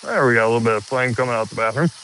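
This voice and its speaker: A man, chatting casually outdoors while hosting a live stream, easygoing and relaxed. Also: medium pitch, rapid-fire, a little hiss or hum, poor audio. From Iowa, US. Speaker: livestream host. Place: outdoors at a rural property.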